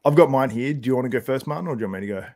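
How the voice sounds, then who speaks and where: A man's voice: mid-range voice, animated, racing, darkish tone. A young Australian man hosting a casual podcast chat, rambling with lots of fillers and laughs. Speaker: podcast host.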